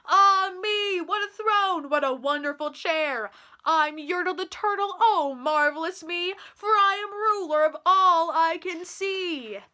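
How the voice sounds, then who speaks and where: A woman's voice: very high-pitched, slow pace, pushed and bright, exaggerated voice. A woman voicing a pompous, boastful male turtle king who bellows his commands. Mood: gloating.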